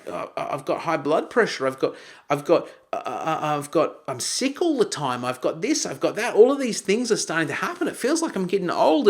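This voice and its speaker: Male coach, animated teaching delivery, acts out shouted examples. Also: high-pitched. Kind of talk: teaching talk with acted examples.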